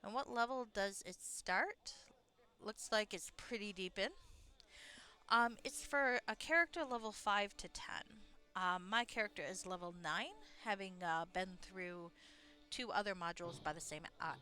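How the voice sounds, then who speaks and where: A woman's voice: medium pitch, measured pace, bright, forceful tone, clean tone. A woman streamer casually commenting on her fantasy role-playing game, chatty, self-mocking and laughing often. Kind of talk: casual let's-play commentary.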